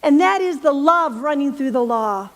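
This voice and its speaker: A woman's voice: high voice, expressive, normal speed, long reverb tail. A middle-aged woman minister giving an earnest, storytelling sermon and leading a guided prayer. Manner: earnest, storytelling, drops to soft emphatic whispers.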